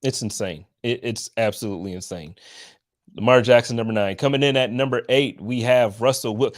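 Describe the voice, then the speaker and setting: A man co-hosting a casual sports podcast, relaxed and a little hesitant. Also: mid-range voice, a little fast. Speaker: podcast co-host.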